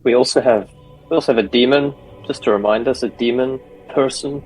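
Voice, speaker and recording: A man's voice: mid-range voice, brisk, a little mellow, husky, faint music behind, poor audio. A man playing a tabletop game, chatting casually in an easygoing, reassuring way. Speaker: player. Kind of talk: casual chat.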